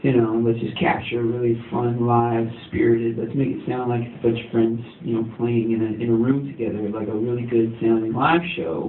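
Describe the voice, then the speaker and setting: A man talking as a musician guest in a casual interview, rambling and laid-back with lots of fillers. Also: mid-range voice. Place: recording studio. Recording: tinny, echoey, distant, faint hiss.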